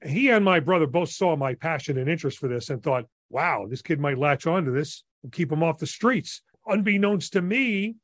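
A man in his sixties from New Jersey, a radio DJ telling stories in an enthusiastic, animated way as a podcast guest. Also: fairly high pitch, moderate pace, few pauses, dry recording, clean studio sound. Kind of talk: casual interview storytelling.

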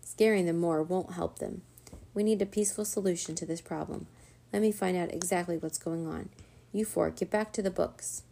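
Wise storybook wizard read by a woman; measured, low, dark. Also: gravelly, slight background noise. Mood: calm. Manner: calm, measured, authoritative. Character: calm wise older male wizard teacher.

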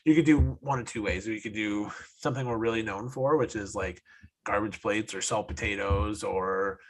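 A man's voice: on the low side, moderate pace, slightly rough, rough recording. A man from upstate New York co-hosting a podcast, rambling casually with many restarts and fillers. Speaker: podcast co-host. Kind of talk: casual chat.

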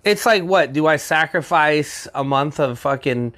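A man's voice: on the high side, unhurried, fairly bright tone. A young man in casual chat, frankly telling stories from his own life.

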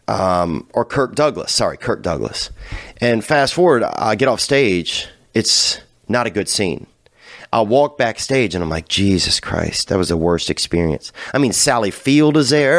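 A man hosting a casual talk show, telling a rambling, profane story that drifts from low mutters to loud hyped bursts. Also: dry recording, clean studio sound. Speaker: podcast host.

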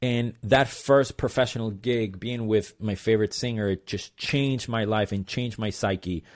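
A man with a somewhat low voice recounts his own story as an interview guest. He talks loosely and casually, drifting through asides and fillers as he goes. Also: measured pace. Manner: rambling, loose, lots of fillers and "blah blah". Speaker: percussionist guest.

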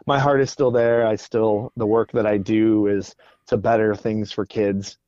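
A man's voice: lowish voice, little pitch movement, measured pace, darkish tone, no room sound. A man who is a guest on a podcast, telling stories in an earnest way and often repeating words, on a dull lo-fi recording. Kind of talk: casual podcast interview.

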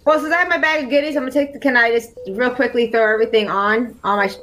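A woman's voice: a little high, racing, fairly bright tone, a little hiss or hum, rough recording. A woman playing a tabletop game, talking in a chatty, casual way and swearing freely. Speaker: player.

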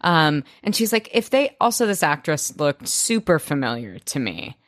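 A woman co-hosting a podcast, casually recapping a TV episode with gushing, animated reactions and free swearing. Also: low-pitched, moderate pace, no echo, studio quality. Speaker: podcast co-host.

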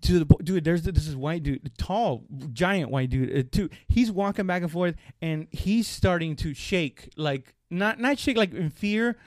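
High-voiced man telling a rowdy story. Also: measured pace, few pauses, dry recording, studio quality. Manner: animated, profane, acts out voices in the story. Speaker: storyteller in a podcast chat. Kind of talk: casual storytelling chat.

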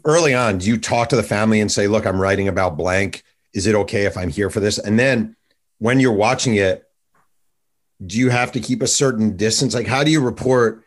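Male host, very low voice, eager, rapid follow-up questions, conversational. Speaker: podcast host, interviewer. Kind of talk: conversational interview.

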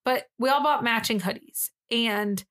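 A woman's voice: a little high, unhurried, a bit bright. A young woman co-hosting a podcast, telling a funny story in casual chat, acting out quotes and swearing now and then. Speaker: podcast co-host.

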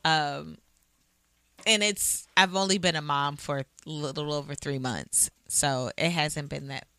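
A woman's voice: low-pitched, steady tone, a little slow, pushed and bright, clear, resonant tone, no echo. A woman co-hosting a podcast, talking loosely and candidly with lots of fillers and some swearing. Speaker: podcast co-host. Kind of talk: casual chat.

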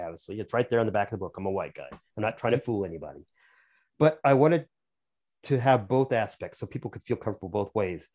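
Chatty opinionated guy talking about his book on a podcast, average pitch. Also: a little mellow. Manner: talkative, opinionated, explains at length. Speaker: author, podcast guest. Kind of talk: casual podcast conversation.

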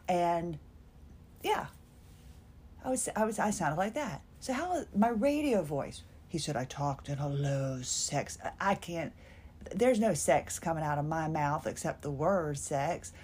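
Woman podcast host, lowish voice, rambling nostalgic solo chat, self-mocking. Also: lively intonation, unhurried, a little mellow, slightly rough.

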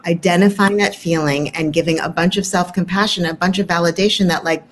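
A woman, a clinical psychologist guest on a podcast, explaining in a gentle, measured way and repeating key phrases for emphasis. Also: fairly low pitch, fairly even intonation, a little hiss or hum. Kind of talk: podcast interview.

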